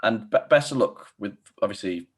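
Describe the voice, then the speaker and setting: A man's voice: lowish voice, lively intonation, normal speed, husky. A man hosting a podcast, asking questions hesitantly with many fillers and restarts. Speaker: podcast host. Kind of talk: casual podcast interview.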